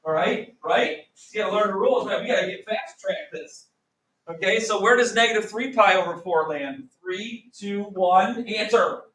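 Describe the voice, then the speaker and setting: A man's voice: high-pitched, fairly bright tone, poor audio. A man teaching a math class, joking around and quizzing students with countdowns. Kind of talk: classroom lesson.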